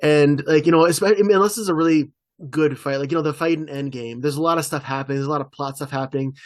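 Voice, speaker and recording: A man co-hosting a podcast, chatting casually in a rambling way with quick asides. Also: fairly high pitch, no echo. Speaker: podcast co-host. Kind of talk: casual chat.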